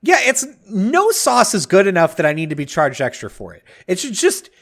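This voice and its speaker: Animated young man telling a story. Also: high voice, moderate pace, gravelly. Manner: animated storytelling, mock-outraged rants. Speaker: podcast co-host. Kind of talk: casual chat.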